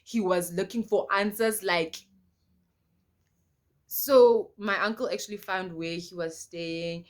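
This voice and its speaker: A young South African woman telling a personal story to her viewers in an animated, emphatic way, repeating lines for effect. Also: medium pitch, slow pace, long pauses. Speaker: storytime vlogger. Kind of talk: casual storytelling to camera.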